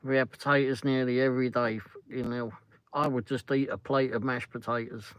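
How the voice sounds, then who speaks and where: A man's voice: medium pitch, steady tone, brisk, clean tone, no echo, low-quality recording. A middle-aged English man hosting a casual livestream chat from a car on the drive home, rambling as he answers viewer comments. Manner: rambling, peppers talk with "flipping". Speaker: livestream host.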